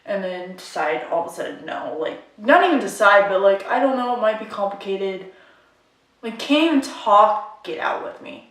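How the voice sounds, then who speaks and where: A woman's voice: mid-range voice, animated, moderate pace, fairly bright tone. Young woman venting to her camera, rambly and fed up, lots of "like", room echo and the mic kinda far off. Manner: frustrated, rambling, full of "like". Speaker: makeup vlogger. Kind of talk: casual rant to camera. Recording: echoey room, mic at a distance.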